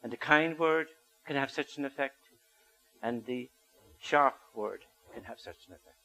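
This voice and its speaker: A man's voice: mid-range voice, measured pace, bright, forceful tone, rough recording. An older man giving a storytelling talk to an audience, asking them questions as he goes. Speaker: speaker.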